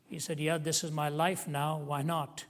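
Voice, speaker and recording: A man preaching with a fairly high voice, telling stories from the pulpit. He swells into emotional emphasis on the quoted words. His voice carries a long reverb from a large hall. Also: flat delivery, moderate pace. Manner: storytelling, rising to emotional emphasis when quoting. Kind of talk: sermon.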